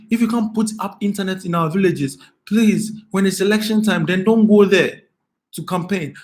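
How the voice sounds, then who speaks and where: A man hosting an emotional live stream, speaking with passion and repeating his phrases as he pleads with his viewers. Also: high-pitched.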